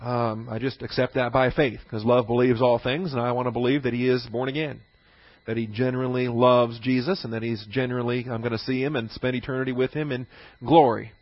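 Male Bible teacher, mid-pitched voice, deliberate and repetitive, dry close recording. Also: dry recording, muffled recording. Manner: repeats key phrases for emphasis; poses rhetorical questions.

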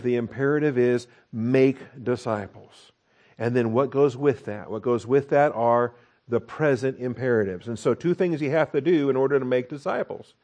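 A man's voice: mid-range voice, a little mellow. A man preaching an expository sermon, explaining grammar step by step, repeating key points and often checking in with the congregation. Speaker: pastor teaching scripture.

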